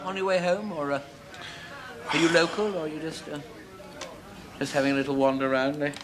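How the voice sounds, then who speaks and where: A man's voice: fairly high pitch, bright, forceful tone. An actor playing a fussy, chatty pub landlord in a 1970s sitcom, chattering and laughing at his own jokes. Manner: chattering, giggling, self-amused. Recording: studio audience laughter.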